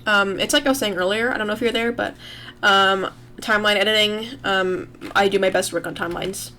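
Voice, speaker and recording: A young woman livestreams as she draws at her computer, chatting in a loose, rambling, self-deprecating way. Her mid-range voice is bright and forceful, fairly quick with fairly even intonation, and there's a little hiss or hum.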